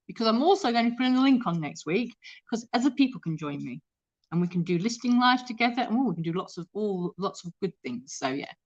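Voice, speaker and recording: A woman's voice: on the high side, lo-fi sound. A woman chatting casually and rambling on a live stream from her kitchen, reading out viewer comments as she goes. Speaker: thrift reseller hosting a live stream. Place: home kitchen.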